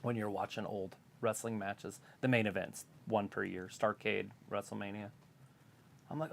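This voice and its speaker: A man co-hosting a wrestling watch-along stream, giving relaxed play-by-play remarks and rambling, nostalgic asides. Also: on the low side, normal speed, creaky. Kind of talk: casual chat, wrestling commentary.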